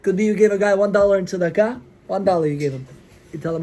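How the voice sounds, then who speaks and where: A man, a rabbi, giving an animated storytelling sermon and acting out the people in his tales. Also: high voice, fast talker. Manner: animated, acts out characters in the stories.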